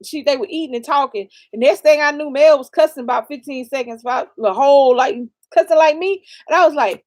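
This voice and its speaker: A woman co-hosting a casual chat, telling stories with loud, expressive exclamations. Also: high voice, fairly quick, no room sound. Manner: animated storyteller, loud exclamations. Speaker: co-host of a couple's channel.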